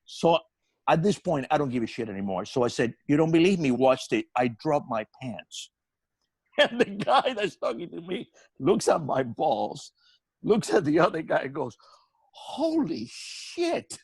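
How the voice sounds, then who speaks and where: Animated man telling a story. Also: fairly high pitch, moderate pace, husky, no echo. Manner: animated storyteller, laughing through his own punchlines. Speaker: comedy podcast co-host. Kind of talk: storytelling on a comedy podcast.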